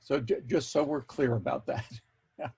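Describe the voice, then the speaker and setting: A man presenting an online workshop over a video call, speaking in a measured way with wry asides and repeating key words for emphasis. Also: medium pitch, animated, darkish tone, breathy edge.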